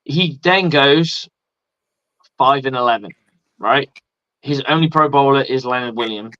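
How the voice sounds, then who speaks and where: Excitable, swearing man. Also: mid-range voice, measured pace, no room sound. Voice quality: excitable and profane, many restarts. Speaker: host. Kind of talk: casual sports talk. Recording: dry, dull lo-fi sound.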